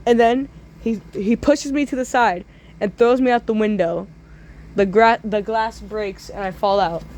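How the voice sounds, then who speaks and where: A woman telling absurd comic stories in a drawling way, with sudden loud squealing outbursts. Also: on the high side, a little slow, slight background noise. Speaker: storyteller. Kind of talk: absurd comedic storytime.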